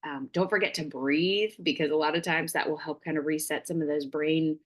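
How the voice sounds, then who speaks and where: A woman's voice: low voice, steady tone, a little fast. A woman giving a casual parenting workshop, chatty and full of fillers, acting out little dialogues.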